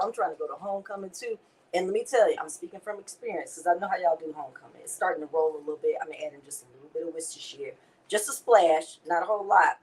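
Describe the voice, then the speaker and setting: A woman's voice: on the low side, a little mellow, slight background noise, rough recording. A woman, chatting to viewers as she hosts a casual cooking demonstration. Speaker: cooking show host.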